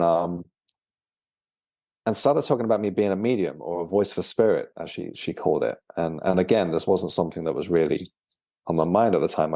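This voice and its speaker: A very deep, mellow-voiced man talks through his experiences as an interview guest. He speaks haltingly, doubling words and filling pauses as he goes. The sound is close and dry. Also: dry recording. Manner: halting, with frequent repeated words and fillers. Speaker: guest, author and medium. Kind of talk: casual storytelling interview.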